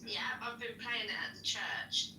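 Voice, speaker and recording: Female guest, chatty and dreamy, mid-pitched, recorded far off in an echoey room with faint noise. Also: steady tone, moderate pace. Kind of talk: casual livestream chat.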